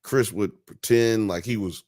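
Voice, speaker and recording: A man hosting a casual live-stream talk show, animated, slangy and joking. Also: fairly low pitch, a little slow, no echo, studio quality. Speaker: podcast host.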